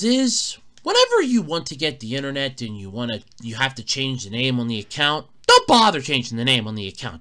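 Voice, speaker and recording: A man's voice: medium pitch, sing-song, fast talker, hardly any pauses, sharp tone. A man hosting a casual solo podcast, telling an exasperated, swearing story, recorded in a borrowed room at a fire company. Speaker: podcast host.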